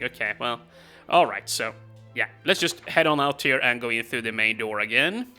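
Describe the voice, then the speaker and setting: A man's voice: mid-range voice, lively intonation, normal speed, bright, forceful tone, clear, resonant tone, faint music behind. A man casually commenting on his gameplay as a let's play host, rambling with many fillers and chuckles.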